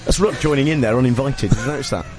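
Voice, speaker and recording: A man's voice: medium pitch, racing, a little mellow, soft background music. A man hosting a radio show, chatting in a teasing, jokey way. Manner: teasing, jokey, mock DJ voice at times. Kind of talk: playful radio chat. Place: radio studio.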